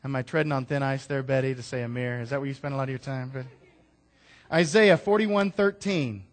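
A man preaching a sermon to his congregation, rising loud on key lines and dropping into casual asides to listeners. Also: medium pitch, level tone, racing. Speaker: pastor.

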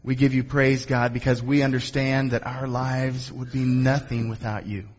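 A pastor closing his sermon and leading a prayer in an earnest, unhurried, softly prayerful way. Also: mid-range voice, little pitch movement, highs cut off.

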